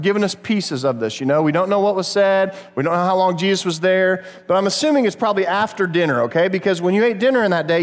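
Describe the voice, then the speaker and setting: A man with a notably high voice delivers a chatty, story-driven sermon. His words ring out with a long reverb from the church hall around him. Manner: conversational, storytelling, addresses kids. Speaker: pastor. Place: church sanctuary.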